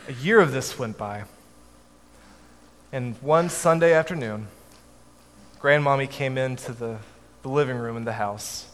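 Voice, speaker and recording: A man telling a family story to an audience in a measured way, with his voice dropping softly at the ends of lines. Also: medium pitch. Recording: echoey hall, faint background noise.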